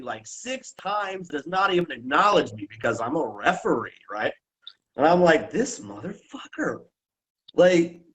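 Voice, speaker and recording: A man's voice: sits high, rough recording. A man who used to wrestle and referee, telling stories on a podcast in a casual, profane way and acting out what people said. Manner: profane, animated storyteller who acts out quotes.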